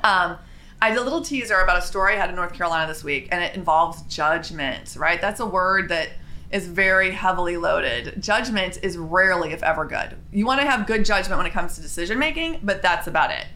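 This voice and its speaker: Bright, chatty woman telling a story. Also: fairly low pitch. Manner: chatty, animated, with quick asides and restarts. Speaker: spiritual vlogger. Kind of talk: casual spiritual storytelling.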